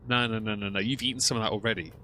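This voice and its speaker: A man's voice: lowish voice, racing, sharp tone. A man hosting a live stream, chatting casually with viewers and teasing the video he is watching. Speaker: livestream host reacting to a video.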